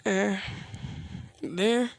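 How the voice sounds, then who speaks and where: A man's voice: high-pitched, fairly even intonation, very slow, gravelly, no echo. A man casually improvising a fan-fiction story, rambling with slang asides.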